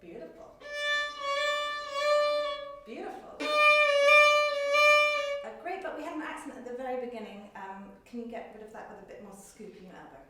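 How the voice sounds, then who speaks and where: A woman's voice: fairly high pitch, expressive, moderate pace, pauses often, over loud music. A woman teaching a group violin lesson, cueing players in an upbeat, encouraging way. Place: teaching room. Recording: roomy, distant mic with violin playing.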